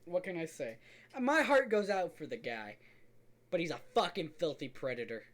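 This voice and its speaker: Lively-voiced young man swearing in chat. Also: a little high, moderate pace. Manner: swears a lot, laughing, animated storyteller. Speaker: podcast co-host. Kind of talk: casual chat.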